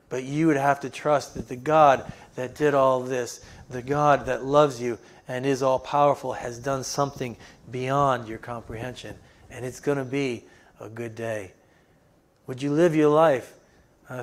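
Man preaching a story-driven sermon. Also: mid-range voice. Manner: storytelling with frequent fillers, softening to an earnest appeal. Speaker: pastor.

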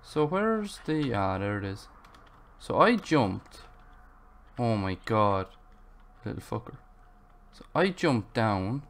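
Slow-talking man, swearing gamer. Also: lowish voice. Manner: frustrated, swearing, rambling to himself. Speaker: gaming channel host. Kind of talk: Minecraft gameplay commentary.

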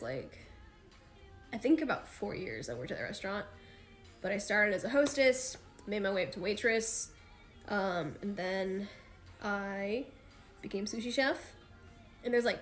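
A woman's voice: medium pitch, a bit bright. A young woman in her twenties chatting casually on a livestream with fans, rambling and slangy with lots of fillers. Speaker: idol livestream host.

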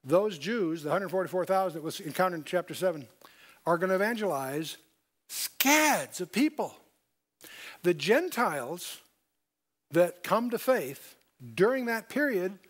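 A man's voice: high-pitched, animated, normal speed, pauses often. An older man giving a verse-by-verse Bible lesson, stressing key points and asking his listeners questions. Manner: emphatic, repeats key points, asks the audience questions. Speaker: Bible teacher.

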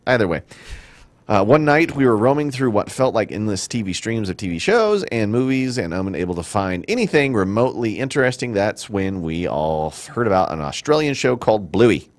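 A middle-aged man hosting a casual studio chat, joking and rambling in an animated way. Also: fairly low pitch, a little fast. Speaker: show host.

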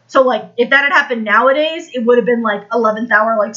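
A woman's voice: fairly high pitch, brisk, a bit bright, highs cut off. An American woman giving a casual, rambling history lesson on a live stream, full of fillers and restarts. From United States.

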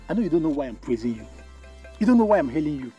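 A man's voice: fairly high pitch, sing-song, fairly quick, mellow, soft background music. An actor playing a boastful, teasing young man with a Nigerian Igbo accent, mocking a friend in mixed Igbo and English.

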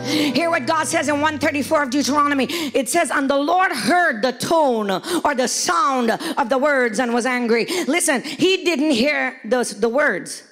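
A woman pastor preaching a sermon to a congregation, often shouting and playfully acting out quoted voices. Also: sits high, unhurried, soft background music. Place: church hall before a congregation.

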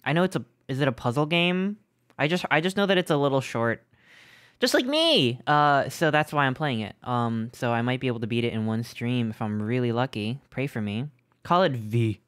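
Playful man streamer, smooth dry voice. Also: fairly high pitch, fairly bright tone, no echo. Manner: playful, teasing, greets chat by name. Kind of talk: casual live-stream chat.

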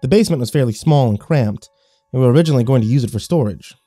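A man's voice: mid-range voice, lively intonation, rapid-fire, dark tone, breathy edge, no echo, faint music behind. A man giving scripted horror story narration in a wry, sarcastic first-person tone.

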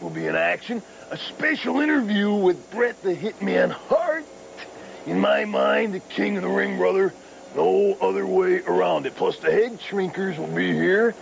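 A man doing a gravel-voiced wrestling star. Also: high-pitched, slight background noise, exaggerated voice, rough recording. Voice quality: gravelly, growling catchphrase delivery. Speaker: TV wrestling show host. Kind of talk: playful TV show hosting.

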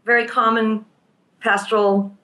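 A woman's voice: a little high, little pitch movement, measured pace, sharp tone, reverberant. A woman who works as a therapist and teaches pastoral care, explaining her ideas thoughtfully in a conversational interview and walking through examples.

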